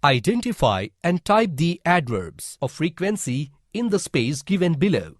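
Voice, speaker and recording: Male narrator for kids' lesson videos, slow and clear, husky, lively pitch. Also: dry recording, clean studio sound. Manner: slow and deliberate, instructive. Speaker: teacher narrator. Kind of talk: scripted educational narration.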